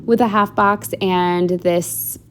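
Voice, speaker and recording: A woman's voice: fairly low pitch, steady tone, takes it slowly, a bit bright, slight background noise. A woman narrating a casual planner walkthrough at home, chatty and rambling with lots of "like" and "um". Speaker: planner vlogger.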